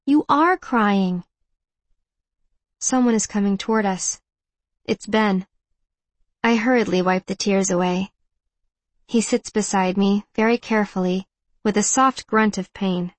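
A woman narrates a first-person audiobook, reflective and measured in her delivery. Her voice sits mid-range, recorded dry and close with no room echo. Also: mid-range voice, fairly even intonation.

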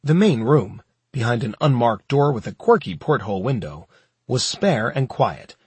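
A man reading a nonfiction book aloud in a steady, measured storytelling manner. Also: mid-range voice, slightly rough, dry recording. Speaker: audiobook narrator. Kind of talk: scripted nonfiction audiobook narration.

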